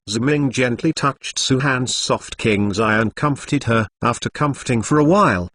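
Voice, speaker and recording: A man's voice: mid-range voice, normal speed, hardly any pauses, a bit bright, no room sound. A man's voice narrating a novel in a machine-like read that speaks punctuation aloud.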